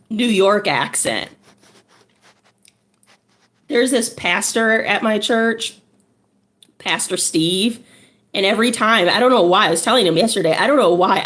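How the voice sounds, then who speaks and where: A woman's voice: mid-range voice, a bit bright. A woman who is a social worker, chatting casually and laughing while strumming a ukulele. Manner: chatty, laughing, unhurried storytelling.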